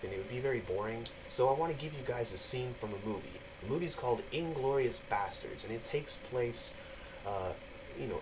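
A man's voice: on the low side, noisy background. A man from the United States giving a casual, rambling explanatory talk for his video channel, full of fillers and restarts. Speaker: vlogger.

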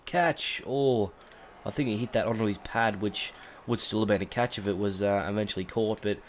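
A man with an Australian accent talks through a video game in a loose, filler-heavy commentary, his voice thick and congested from a cold. He sits slightly low in pitch and jumps into loud, excited shouts at key moments, with a faint hiss of noise behind him. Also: fairly quick. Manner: chatty, rambling with fillers, bursts into excited shouts at big moments. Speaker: gaming YouTuber. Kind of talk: casual let's-play commentary.

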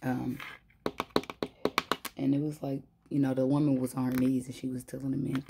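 A woman's voice: rumbling low, little pitch movement, moderate pace, creaky, pauses often, noisy background. A woman giving a casual spiritual tarot reading, chatty and laughing often as she talks to her viewers. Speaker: tarot reader.

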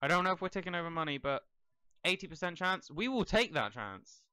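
A man's voice: on the high side, big pitch swings, fairly quick, pushed and bright, smooth, dry recording, studio quality. A young man giving casual gameplay commentary, rambling and talking to the characters on screen. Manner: rambling, talks to the game characters. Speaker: let's play gamer.

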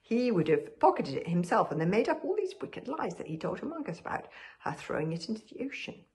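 A woman reading a children's novel aloud in a soft voice that often drops to a whisper. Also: medium pitch, big pitch swings, fairly quick, noisy background. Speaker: audiobook reader.

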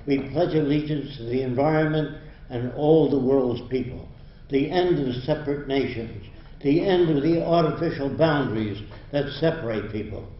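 An older man giving a university lecture in a blunt, emphatic, lecturing manner. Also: medium pitch. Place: lecture hall. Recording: roomy, dull lo-fi hall recording.

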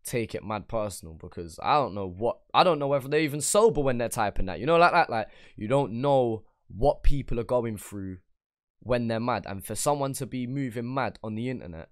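A man's voice: medium pitch, lively intonation, fairly quick, dry recording, studio quality. A man, hosting a music reaction and giving casual, slangy commentary on a song. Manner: loose slangy street talk.

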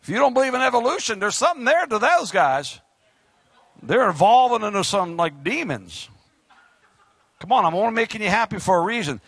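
A middle-aged man, preaching a fiery sermon as pastor, joking and then shouting his exhortations. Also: sits high, very animated, fairly quick, slightly rough, dry recording.

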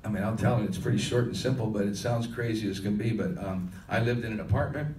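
Older guy rambling through a story at a q&a, low voice, echoey hall, kinda far from the mic. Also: quick pace, a little mellow, a little hiss or hum. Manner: loose, rambling storyteller with restarts. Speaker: musician answering audience questions. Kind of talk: storytelling at a live Q&A. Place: conference hall.

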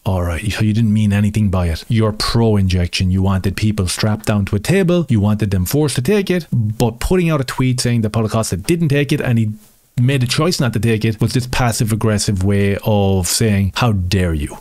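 A man's voice: on the low side, normal speed, darkish tone, no echo. A man hosting a commentary channel, talking in a combative, sarcastic way with mocking rhetorical questions. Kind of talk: opinionated commentary over screen reading.

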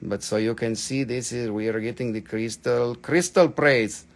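A man hosting a live stream selling crystals, with a playful, jokey, rambling way of talking and drawn-out excited exclamations. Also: fairly low pitch. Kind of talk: casual live sales stream.

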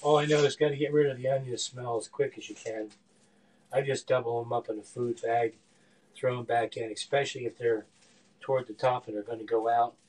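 A man's voice: medium pitch, steady tone, brisk, darkish tone, slight background noise. A man in his sixties chatting in a rambling, meandering way while cooking live in his home kitchen, often trailing off into mumbled asides. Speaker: live-stream cook. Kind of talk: rambling live-stream chat.

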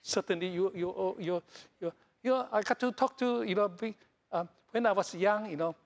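A middle-aged man from Taiwan, a Taiwanese native speaker, preaching a sermon in broken English full of repeats and fillers, swinging between loud high bursts and soft low lines. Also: normal speed. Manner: animated, jumps between loud highs and soft lows. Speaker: pastor.

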